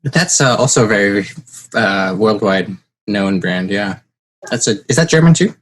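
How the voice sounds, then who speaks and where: A man's voice: on the low side, normal speed, slight background noise. A man hosting a podcast, telling a story in casual chat and acting out the quotes. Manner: animated storyteller, acts out quotes. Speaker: podcast host.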